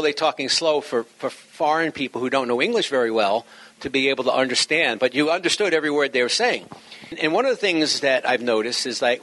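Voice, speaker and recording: Brief: lively male speaker at a club talk, bright forward voice, joking teacher, slows to emphasize points. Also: mid-range voice. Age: middle-aged or older. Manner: animated, joking, slows down to stress words. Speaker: speaker at an amateur radio talk. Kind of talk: humorous instructional talk.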